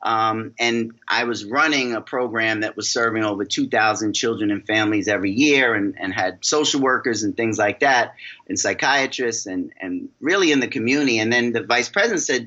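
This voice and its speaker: A middle-aged man with a New York accent tells his story on a podcast with an energetic, animated delivery, often acting out what others said. His voice is bright and forceful. The recording sounds a bit dull and lo-fi. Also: medium pitch, moderate pace. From New York City. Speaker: guest, success coach.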